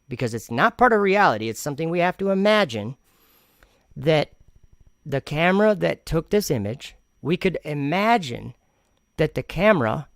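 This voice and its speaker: Argumentative man with a gravelly voice. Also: fairly high pitch, fairly bright tone, dry recording, studio quality. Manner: argumentative and sarcastic; rambling with frequent restarts. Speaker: channel host. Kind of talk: commentary vlog reacting to comments.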